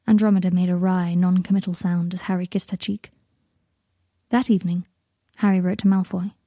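A woman narrating a story aloud in a calm, even storytelling manner. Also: fairly low pitch, brisk, no room sound. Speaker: reader. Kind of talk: audiobook narration of fiction.

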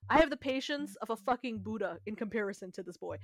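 A young woman with a fairly high voice tells a rambling story on a podcast. She talks fast and loose, swears freely and breaks into laughter between lines. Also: lively intonation, no echo, clean studio sound. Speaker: podcast co-host. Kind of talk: casual storytelling chat.

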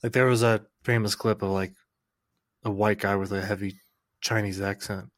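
A man's voice: on the low side, little pitch movement, moderate pace, dry recording, studio quality. Teasing man on a casual podcast. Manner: teasing, laughs easily. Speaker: podcast co-host. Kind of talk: casual chat.

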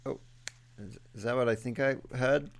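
A British man talks through a podcast segment in a loose, rambling way. He fills his sentences with ums and restarts, and his pitch sits in an ordinary middle range. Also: normal speed, vocal fry, heavy background noise. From United Kingdom. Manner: chatty, rambling, with many fillers. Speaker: podcast co-host. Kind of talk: casual chat.

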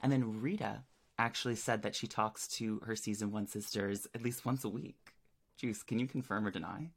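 A man's voice: fairly low pitch, moderate pace, creaky, slightly rough. A man co-hosting a podcast, recapping an episode from his notes in a chatty, playful way. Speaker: podcast co-host. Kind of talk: casual chat recapping an episode.

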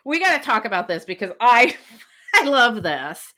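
A woman's voice: on the high side, very animated, moderate pace, noisy background. A woman in casual chat, animatedly retelling a novel's plot and quoting the characters in her own voice. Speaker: book discussion co-host.

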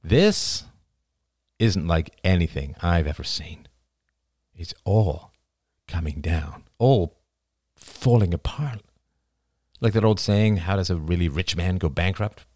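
An earnest young man lectures his friends with mounting intensity, as a male reader plays him. The voice sits low and is recorded dry and close. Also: lively intonation, slow, long pauses, a little mellow, no room sound, exaggerated voice. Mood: urgent lecturing.

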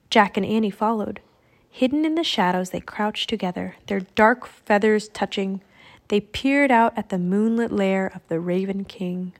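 A woman reading a children's adventure book aloud in a steady storytelling manner. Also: medium pitch. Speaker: audiobook reader.

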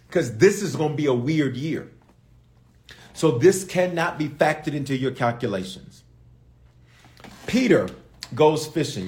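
A man preaching with a lively, swinging delivery, repeating short phrases again and again for emphasis. His voice sits a little high and has a gravelly edge. He talks straight to the people watching. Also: measured pace. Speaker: bishop preaching. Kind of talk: sermon. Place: livestreamed service, reading viewer comments.

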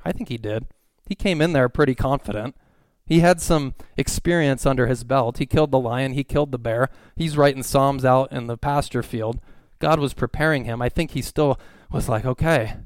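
A man's voice: mid-range voice, moderate pace, no echo. A man preaching a sermon in a conversational way, asking his listeners questions.

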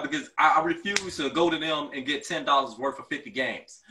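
A man co-hosting a casual podcast, bantering with lively, profane jokes and frequent laughter. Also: fairly high pitch, brisk, recorded from a distance, slight background noise. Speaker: podcast co-host. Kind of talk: casual chat.

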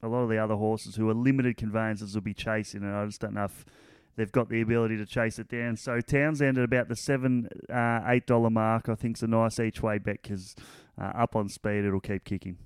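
A man analysing horse races in a relaxed, casual way, full of fillers. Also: lowish voice, brisk, clear, resonant tone, dry recording. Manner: relaxed, lots of fillers like "you know" and "um". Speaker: racing analyst.

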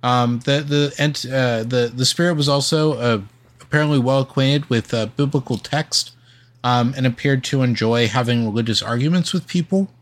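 A man's voice: medium pitch, moderate pace. A man co-hosting a podcast, reading a ghost story from notes with many ums and uhs.

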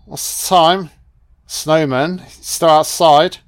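A man with a slightly high voice speaks slowly, offering sarcastic, foul-mouthed comedic commentary on a film. His delivery is sweary, deadpan and sarcastic.

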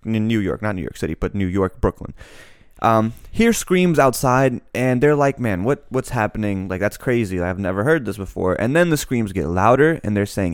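A man's voice: mid-range voice, smooth, no echo, studio quality. A young man co-hosting a podcast in casual chat, telling a story with acted-out quotes and casual swearing. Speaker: podcast co-host.

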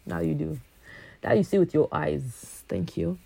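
A young woman from a Congolese family, talking casually and animatedly, swinging from loud bursts to low asides. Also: unhurried, gravelly, breathy edge, dry recording. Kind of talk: casual monologue.

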